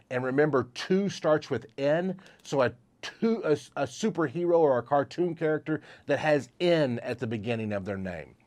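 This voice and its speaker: A man's voice: fairly high pitch, darkish tone. A man, a memory trainer, explaining a card-memorizing technique step by step in an upbeat instructional way. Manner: upbeat, walks through examples step by step.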